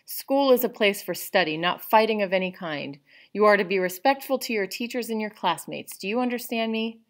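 A woman's voice: mid-range voice, brisk, pitched above the performer's own voice, lightly acted. Woman reading a firm, stern father. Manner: firm, scolding, then gently reassuring. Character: stern but loving 1940s father. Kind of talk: reading a novel aloud.

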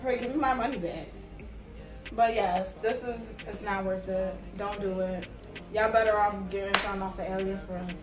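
Her mid-range voice stays fairly even in intonation and moves at a moderate pace as this young woman gripes about a wig in a casual, blunt, profane review. Music plays behind her, and the distant mic makes the audio roomy.

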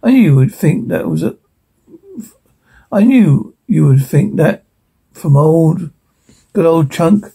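A man reading out the lines of a clumsy, boastful boy in a film script, in a raised voice with a gravelly edge. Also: on the high side, animated, takes it slowly, long pauses, dark tone, heavily acted. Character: chubby clumsy boy prone to tall tales.

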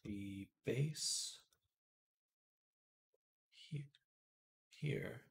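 Male streamer, mid-pitched, gravelly edge, murmurs through his modeling work with soft whispered asides, perks up when chatting with viewers. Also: extremely slow. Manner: quiet murmuring to himself, drops into soft whispered asides while working; chatty and amused when answering chat. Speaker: livestreamer. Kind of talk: casual live-stream commentary while 3D modeling.

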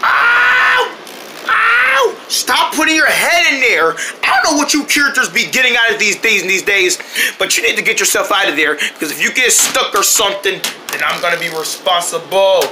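A man's voice: sits high, animated, fairly quick, background noise. A man doing homemade cartoon voice acting, switching between exaggerated character voices and yelping. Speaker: cartoon voice actor.

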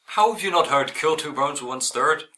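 A man's voice: fairly high pitch, animated, normal speed, pushed and bright, distant mic, a little hiss or hum. A man goofing through comedy outtakes, flustered and often stumbling, swearing and restarting his lines while trying a shaky Irish accent. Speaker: amateur video maker.

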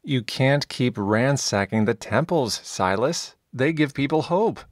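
A man's voice: expressive, unhurried, no echo, studio quality, close to an everyday voice. A man voicing an exasperated pleading knight. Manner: pleading, exasperated, higher-pitched.

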